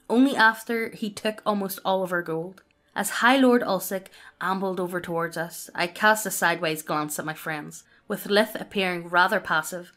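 A woman reading a personal story aloud as scripted narration, in a steady, even delivery. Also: mid-range voice.

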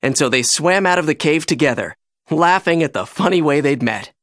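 A narrator reading a children's storybook aloud in an expressive, animated way. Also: medium pitch, brisk, dry recording, clean studio sound.

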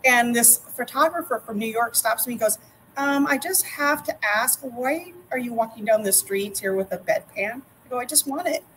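A middle-aged woman, a master gardener guest, chatting casually and telling lively anecdotes. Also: fairly high pitch, moderate pace, slight background noise, low-quality recording. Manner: lively anecdotes, acts out quotes. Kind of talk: casual storytelling chat.

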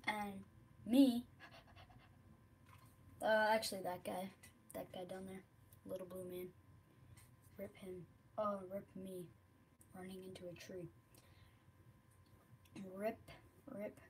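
This is a woman narrating her own gameplay for a stream in a loose, rambling way. Her voice sits at a mid pitch, and she often drops into quiet mutters. Faint background noise runs under the recording. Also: steady tone, slow pace, long pauses. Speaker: game streamer. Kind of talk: casual gameplay commentary.

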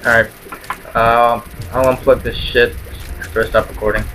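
A man's voice: medium pitch, flat delivery, moderate pace, background noise. A man giving casual let's play commentary at home, rambling through lots of ums and swearing constantly.

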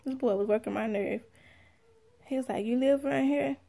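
Young woman, AAVE, high gravelly voice, sassy storyteller acting out quotes. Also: normal speed, slight background noise. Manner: animated, sassy, acts out quotes. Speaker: mother telling a story. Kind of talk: casual storytelling.

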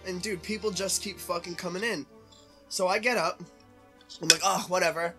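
A man's voice: high voice, moderate pace. A young man telling a rambling, profanity-laced story in casual chat during a game playthrough. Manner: animated storyteller, heavy swearing, acts out quotes. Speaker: co-host of a gaming playthrough. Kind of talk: casual chat while gaming. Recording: game music playing behind.

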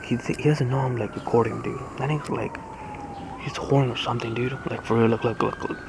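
Excitable young man vlogging outside. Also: medium pitch, quick pace, creaky. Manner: excitable, slangy, talks straight to viewers. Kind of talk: casual outdoor vlog chat. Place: outdoors by a waterfront in drizzle. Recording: outdoor phone audio with street noise.

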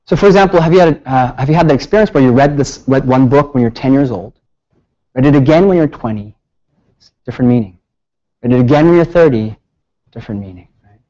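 A man giving a public lecture, telling stories with lively rhetorical questions. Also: mid-range voice, quick pace, long pauses, muffled recording. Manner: animated storytelling with rhetorical questions. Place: lecture hall.

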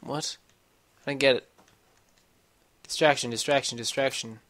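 A rambling, foul-mouthed gamer gives casual let's-play commentary from a home room with a computer. His mid-range voice is a bit bright, with a steady tone and normal speed, and he swears plenty while talking to himself mid-game.

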